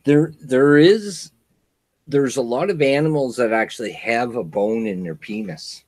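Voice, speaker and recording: A man of medium pitch talks slowly and easily in a loose stream conversation. His manner is laid back, with the odd curse thrown in. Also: a little mellow. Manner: slow, profane, laid back. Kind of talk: casual chat.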